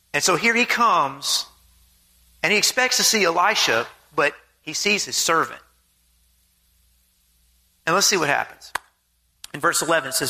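A man delivers a sermon in a very bright, sharp, high-pitched voice. He reads scripture aloud, then explains it in an earnest, plain manner, with an occasional throat-clear. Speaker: preacher.

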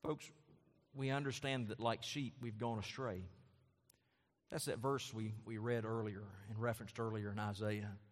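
A man preaching a sermon as pastor, with impassioned delivery that repeats phrases and swells into loud, high-pitched emphasis. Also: fairly even intonation, normal speed. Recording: long hall reverb.

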